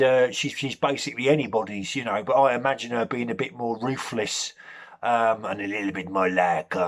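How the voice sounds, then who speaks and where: A man giving a rambling, hesitant comic monologue, deadpan and full of ums. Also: medium pitch. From Nottingham, England. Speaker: comedy character monologue.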